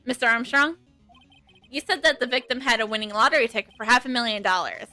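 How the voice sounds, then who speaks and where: A woman streamer reading a game aloud in an earnest, quick way with frequent self-corrections. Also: on the high side, bright, forceful tone, no echo, soft background music.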